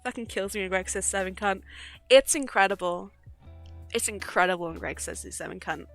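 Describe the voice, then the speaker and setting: A woman's voice: mid-range voice, fairly quick. A young woman streaming live, chatting casually and giggling often between sweary asides. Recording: faint background music.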